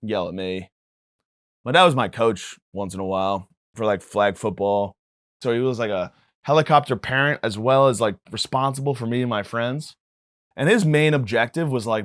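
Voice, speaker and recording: Male comedy podcaster, mid-pitched, swears and rambles, dry close sound. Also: no echo. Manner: profane, rambling, mock-indignant. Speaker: podcast host. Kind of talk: comedic monologue.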